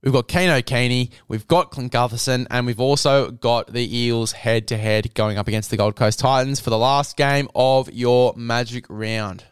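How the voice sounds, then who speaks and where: A man's voice: medium pitch, steady tone, normal speed, few pauses, smooth. Matey Australian man tipping footy. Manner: matey, blokey, says mate a lot. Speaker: rugby league tipping podcast host. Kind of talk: casual sports tipping chat with a plug.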